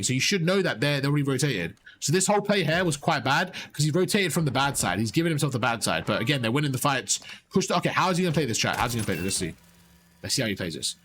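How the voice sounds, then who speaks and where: Fast-talking man coaching over gunfire. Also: fairly high pitch, noisy background. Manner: rapid, repeats urgent instructions, talks to chat. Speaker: gameplay coach and streamer. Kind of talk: live coaching commentary over gameplay. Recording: game gunfire loud behind voice. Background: game gunfire and sound effects.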